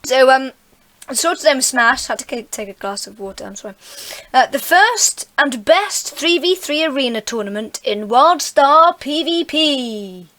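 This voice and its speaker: A woman's voice: high voice, expressive, measured pace, fairly bright tone. Giggly woman hosting a podcast. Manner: giggly, chatty, reads out details. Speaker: podcast host. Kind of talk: casual podcast chat.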